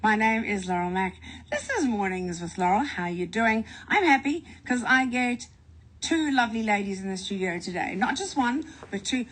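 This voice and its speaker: A woman's voice: fairly high pitch, sing-song, fairly bright tone. A middle-aged woman hosting a morning radio show, chatting playfully with two guests in the studio. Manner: chatty, playful, quick asides. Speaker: radio host. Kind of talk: radio interview chat.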